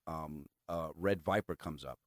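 A man hosting a podcast, telling a long story in an animated, rambling way and swearing freely. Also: very deep voice, a little slow, dry recording, clean studio sound. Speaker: podcast host. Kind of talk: casual storytelling chat.

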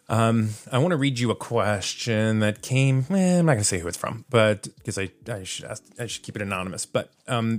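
A man's voice: lowish voice, no echo. A man hosting a solo podcast in a casual, self-deprecating way, laughing at himself and using plenty of fillers. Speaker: podcast host.

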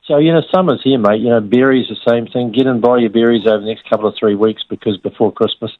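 A New Zealand man talks quickly and cheerfully about his trade, like a regular radio guest. He calls in over a tinny phone line with a dry, close sound. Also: mid-range voice, no echo. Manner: chatty, upbeat, friendly sales talk. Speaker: fruiterer, weekly radio guest. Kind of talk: casual radio phone chat.

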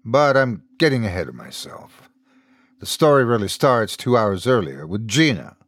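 A man's voice: on the low side, moderate pace, dry recording. A man narrating a scripted horror story as host, in a dry, close recording. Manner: storytelling, expressive.

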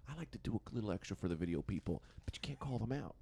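A man's voice: fairly low pitch, animated, racing, creaky, warm tone, a little hiss or hum. A man co-hosting a podcast, joking around in casual chat. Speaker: podcast co-host.

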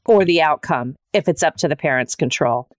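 A woman's voice: deep voice, expressive, fairly quick, no room sound, studio quality. A woman hosting a podcast, setting up example scenarios and asking questions in a reflective way. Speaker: podcast host. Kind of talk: podcast conversation.

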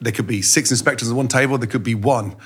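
A middle-aged man, a chef guest on a casual chat show, who tells lively stories and swears freely. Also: mid-range voice, quick pace, husky.

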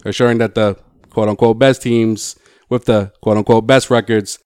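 Smooth-voiced male sports podcaster. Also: on the low side, flat delivery, darkish tone, no echo, studio quality. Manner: reads headlines, quick asides. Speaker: podcast co-host. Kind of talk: casual sports chat.

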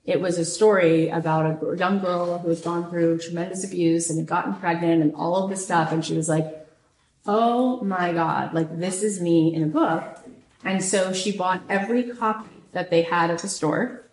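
A woman hosting a show, retelling a story in a lively, casual way, repeating phrases and often saying "like". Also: fairly low pitch, moderate pace, a little hiss or hum. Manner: animated, repeats phrases, frequent "like". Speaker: podcast host. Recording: roomy echo.

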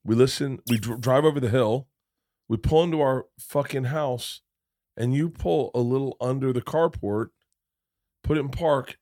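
A middle-aged man telling stories in a casual podcast chat, profane and animated, with many asides. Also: medium pitch, normal speed, no echo, clean studio sound. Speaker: podcast guest.

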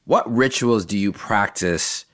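An interview host asks a question in a relaxed, halting way and restarts phrases. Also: deep voice. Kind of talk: casual interview.

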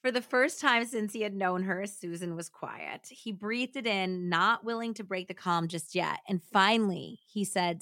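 A woman's voice: mid-range voice, moderate pace, few pauses, fairly bright tone, no room sound, studio quality. A woman podcast host reading a true crime account aloud, voicing the quoted lines and breaking off to chat. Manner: reads aloud with acted dialogue, then chats and jokes. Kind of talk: dramatic reading with casual commentary.

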